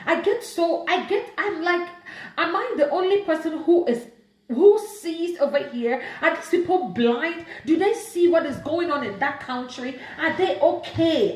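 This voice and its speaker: Ghanaian woman host, high animated voice, emotional rhetorical pleading, echoey room. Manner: emotional, pleading, many rhetorical questions, mixes in Twi. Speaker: livestream host. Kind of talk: impassioned live-stream rant.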